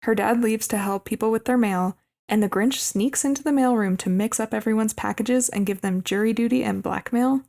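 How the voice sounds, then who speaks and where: A woman co-hosting a podcast, narrating a movie plot in a relaxed way with asides. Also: a little high, brisk, gravelly, few pauses. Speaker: podcast co-host. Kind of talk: casual podcast movie recap.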